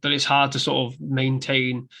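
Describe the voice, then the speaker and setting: A man's voice: mid-range voice, completely flat delivery, normal speed, gravelly, pushed and bright. Enthusiastic swearing man. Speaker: podcast guest. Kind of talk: casual film chat.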